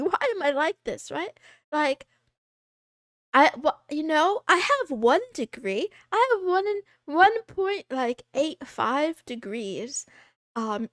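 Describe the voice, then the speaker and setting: A woman in her twenties chatting on a livestream, rambling from thought to thought and poking fun at herself between giggles. Her voice sits high. The sound is close and dry, with no room around it. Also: no echo. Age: 20s. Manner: rambling, giggly, self-deprecating. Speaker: streamer. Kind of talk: casual livestream chat.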